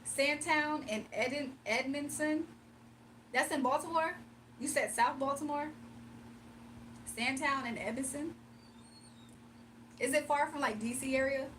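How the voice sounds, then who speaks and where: A woman's voice: sits high, a little slow, pauses often, a bit bright, recorded from a distance, slight background noise. A young woman hosting a casual livestream, reading viewer comments aloud, teasing them and laughing often. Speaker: livestream host.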